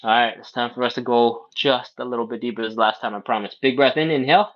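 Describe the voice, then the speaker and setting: Guy calmly talking folks thru a stretch routine, counting breaths, kinda muffled lo-fi sound. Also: medium pitch, fast. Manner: calm, coaching, counting breaths and reps. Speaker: stretching instructor. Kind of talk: live workout instruction. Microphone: livestream setup.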